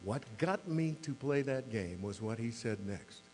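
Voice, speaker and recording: A man's voice: medium pitch, lively intonation, unhurried, darkish tone. A man in his sixties giving a mayor's talk to a club, telling wry, self-deprecating stories. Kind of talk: humorous anecdotal speech. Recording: reverberant hall with faint mains hum.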